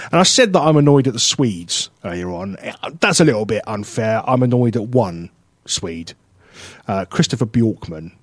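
A man's voice: lowish voice, no echo. A man co-hosting a radio show, telling a story in a chatty way and laughing often as he talks. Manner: animated storyteller, laughs often, puts on voices in anecdotes. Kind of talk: casual radio chat. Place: radio studio.

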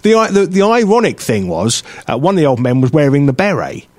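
A man from London with a London English accent, co-hosting a casual radio chat show and telling animated stories, often mimicking people in a high, excited voice. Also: brisk, no room sound. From London, England. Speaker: co-host. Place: radio studio.

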